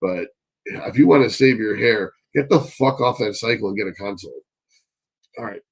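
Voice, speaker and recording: A man hosting a live stream Q&A, reading chat questions and answering bluntly, swearing often and getting excitable. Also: fairly low pitch, moderate pace, rough recording.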